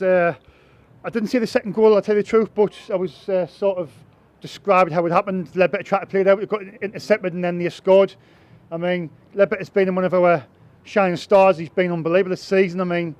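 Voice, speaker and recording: Fan tv reporter guy, high voice, keeps stumbling over words. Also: a little mellow. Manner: stammers and repeats words, agreeable. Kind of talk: street interview. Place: outdoors in town.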